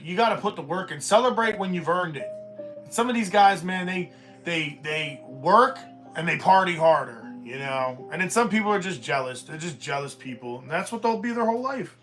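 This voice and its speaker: A man's voice: high voice, a bit bright. A man hosting a live stream, ranting bluntly and profanely in a rambling, casual way.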